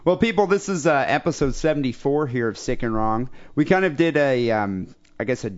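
Crude, blunt podcast host, lo-fi. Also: male voice, mid-range voice, lively intonation, a little fast. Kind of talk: casual comedy podcast chat. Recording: dull lo-fi podcast audio.

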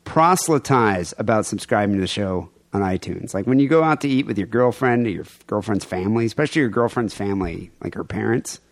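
A man's voice: fairly low pitch, fairly quick, hardly any pauses, no room sound. Male co-host, loose crude banter, dry close mic. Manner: joking, laughs often, loose rambling. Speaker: podcast co-host. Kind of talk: casual crude podcast banter.

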